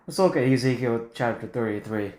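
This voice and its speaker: A man's voice: medium pitch, a little fast, darkish tone, a little hiss or hum. A man reading a prepared talk aloud as a Bible teacher, in a blunt and combative way. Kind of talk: scripted talk on Bible versions. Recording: roomy echo.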